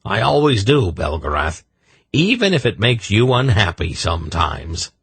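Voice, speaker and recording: A man's voice: lowish voice, big pitch swings, unhurried, fairly bright tone, breathy edge, dry recording, pitched above the performer's own voice, exaggerated voice. A man voicing a gnarled, boastful little hunchback sorcerer who teases in a mock brogue. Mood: cocky.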